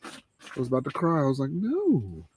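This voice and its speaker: A man hosting a live cigar show in casual chat, laid-back and laughing, trailing off into low murmurs. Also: huge pitch swings, moderate pace, darkish tone, husky.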